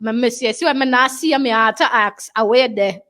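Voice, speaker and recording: A woman with a Tobago accent hosts a studio talk show. She talks straight to the audience and slips easily into dialect. Her voice sits high. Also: fast talker, pushed and bright. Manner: chatty, addresses the audience in dialect. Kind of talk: lively studio show hosting.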